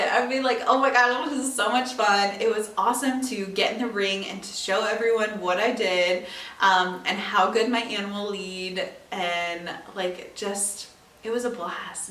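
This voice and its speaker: A young woman podcast host from northeast Iowa talks in a lively, chatty way and laughs often. Her voice sits at a middle pitch. She is a little far from the mic, and the room adds a noticeable echo. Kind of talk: solo podcast monologue. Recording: roomy echo, mic a bit distant.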